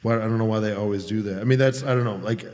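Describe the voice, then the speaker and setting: A man chatting casually on a podcast, rambling and halting as he talks. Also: lowish voice, fairly even intonation, a little mellow, big-room sound. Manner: rambling, halting, laid-back. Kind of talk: casual chat.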